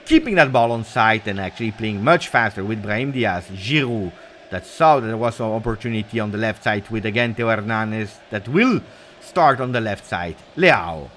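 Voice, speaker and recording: Excitable middle-aged man calling football live. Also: lowish voice, moderate pace, a little hiss or hum. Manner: excitable play-by-play, peppered with Italian cheers, reads viewer comments. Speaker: live match watch-along host. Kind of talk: live football commentary and chat reaction.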